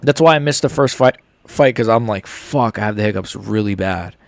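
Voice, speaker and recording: A man's voice: lowish voice, moderate pace, creaky, no echo. Laid-back young guy, dry close mic. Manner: reads chat aloud, laid-back slangy banter. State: has the hiccups. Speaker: streamer reacting live to fights. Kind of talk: casual live stream chat.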